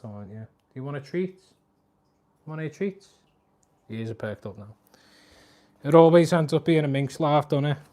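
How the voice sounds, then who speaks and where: A man, chatting casually on a live stream, talking to his cat and reading out viewer comments. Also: mellow. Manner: chatty, talks to his cat and viewers, voice jumps high when scolding.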